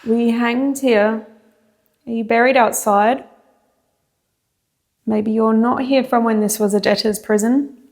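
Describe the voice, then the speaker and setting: Female ghost-hunt host, slightly high, fry-laden voice, slow coaxing questions, long echo of a prison corridor. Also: fairly even intonation, a little mellow. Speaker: paranormal investigator and host. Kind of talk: ghost-hunting vlog, calling out to spirits. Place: indoors in an old prison hallway. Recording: echoey hall with long reverb.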